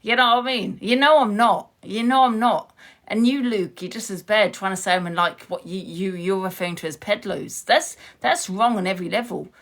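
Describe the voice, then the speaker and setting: A woman rants into her phone on a live stream, heated and confrontational, swearing as she goes. Her voice sits mid-pitch with a gravelly fry. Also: normal speed. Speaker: livestreamer. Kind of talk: ranting live stream to viewers.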